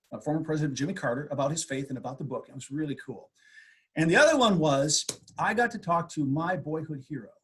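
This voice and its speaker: An older man with a slightly raised, husky voice tells anecdotes from decades on the air. He talks with animated energy and often jumps up in pitch when he quotes people. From USA. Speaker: radio host, guest. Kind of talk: storytelling interview.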